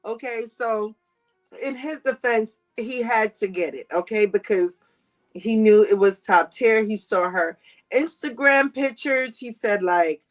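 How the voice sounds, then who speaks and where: A woman's voice: fairly high pitch, a little slow, faint music behind. A woman hosting a livestream, reading chat comments and gossiping in a sassy, slangy way with frequent laughter.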